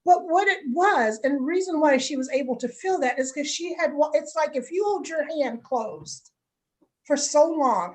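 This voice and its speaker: Woman coach w/ a high voice, earnest, unhurried, tells a client story in an interview. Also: a little mellow, rough recording. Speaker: guest, coach working with clients.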